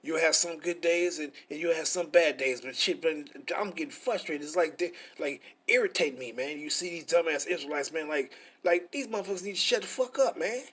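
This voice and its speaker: A man's voice: on the high side, brisk, hardly any pauses, a bit bright, husky. A middle-aged man, teaching scripture in a frustrated, profane, repetitive way. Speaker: preacher.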